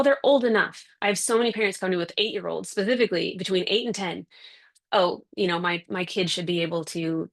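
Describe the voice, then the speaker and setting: A woman parenting coach speaks from home over a video call, her fairly low voice carrying a gravelly rasp. She is chatty and acts out everyday scenes as she explains. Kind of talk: casual interview answer. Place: home with kids and a dog nearby.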